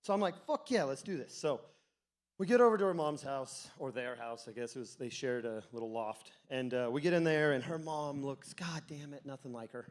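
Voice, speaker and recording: A man's voice: mid-range voice, fairly quick. A young man doing a stand-up comedy set on a club stage, telling crude, rambling stories with lots of swearing and laughing at his own jokes. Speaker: stand-up comic.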